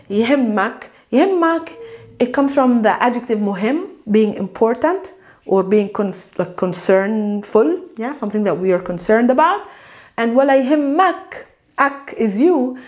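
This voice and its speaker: A woman with a Palestinian Arabic accent, a native Arabic speaker, teaching an online language lesson in an animated, patient way, repeating words slowly for learners. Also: a little high.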